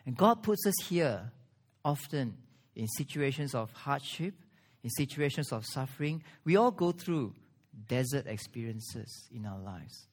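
A male pastor delivers a sermon at a middle pitch. He preaches earnestly, pausing often and pushing his voice up to stress key words. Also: lively intonation. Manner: earnest preaching with strong pauses and rising emphasis.

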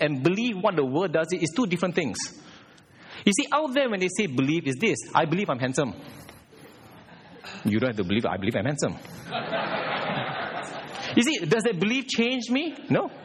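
A man preaching a sermon at a church service, emphatic and animated, putting direct questions to the congregation. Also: high-pitched, slightly rough.

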